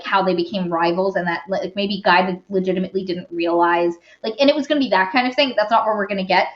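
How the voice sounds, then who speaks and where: Podcast co-host, woman, casual rambling recap with fillers, roomy and lo-fi. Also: medium pitch. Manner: rambling retelling full of fillers and asides. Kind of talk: casual book-review chat. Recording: roomy dull lo-fi recording.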